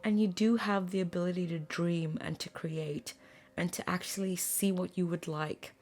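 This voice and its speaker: A woman giving a spoken tarot reading to her viewers, earnest and emotional, often pausing to search for words. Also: fairly low pitch, fairly even intonation, a little mellow. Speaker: tarot reader.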